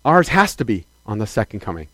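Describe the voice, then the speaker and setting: A man's voice: lowish voice, big pitch swings, brisk, dry recording. Emphatic preaching pastor, man. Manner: emphatic preaching, swinging between loud declarations and quiet asides; calls out to the congregation for affirmation. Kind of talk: sermon.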